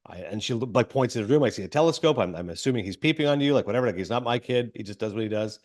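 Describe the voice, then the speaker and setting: Fast-talking man rambling through a film recap. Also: medium pitch, animated. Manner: rambling, filler-heavy retelling with quick quoted asides. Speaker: podcast host.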